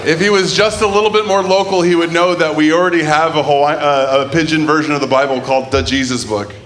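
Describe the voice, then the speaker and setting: A man hosting a comedy show, bantering loudly and teasing the comics on a club stage. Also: a little high, steady tone, fast talker. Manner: loud, teasing emcee banter.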